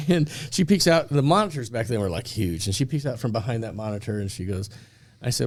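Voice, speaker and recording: A man's voice: lowish voice, lively intonation, fairly quick. A middle-aged man from Indiana telling a personal story in casual podcast talk, laughing often and acting out the dialogue.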